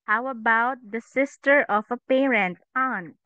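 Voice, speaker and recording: A woman teaches an online English class for kids over a video call, patiently firing off questions and saying "okay" again and again. Her fairly high, smooth voice moves at a measured pace. The call mic makes the audio thin and phone-like, with no room sound or echo.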